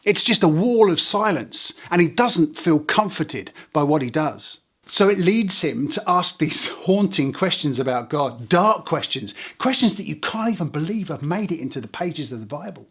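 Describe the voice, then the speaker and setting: A man's voice: fairly high pitch, sing-song, moderate pace, breathy edge. An English man preaching a sermon as a pastor, earnest and conversational, asking rhetorical questions.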